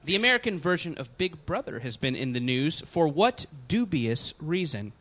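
A man's voice: on the high side, big pitch swings, moderate pace, a bit bright. A man hosting a live comedy quiz show on stage, reading out questions and cracking jokes between them. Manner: jokey, reads questions then riffs.

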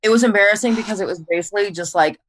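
A woman's voice: medium pitch, racing, no echo. A woman author as an interview guest, earnest and explaining at length. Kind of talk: casual interview conversation.

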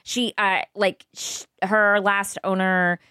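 A woman's voice: mid-range voice, little pitch movement, takes it slowly, sharp tone, clear, resonant tone, dry recording, clean studio sound. A woman guest on a podcast chatting casually, rambling with lots of fillers and frequent laughs. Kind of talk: casual chat.

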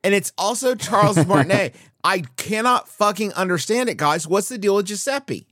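A man co-hosting a podcast in casual chat, excitable and exasperated, laughing often. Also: sits high, normal speed, dry recording, studio quality. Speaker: podcast co-host.

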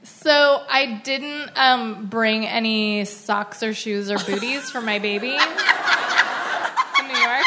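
A woman's voice: a little high, wildly swooping pitch, slow pace, bright, forceful tone, a little hiss or hum. A woman co-hosting a live comedy podcast, giggly and sheepish as she admits a fail. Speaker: podcast co-host. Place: live stage before an audience.

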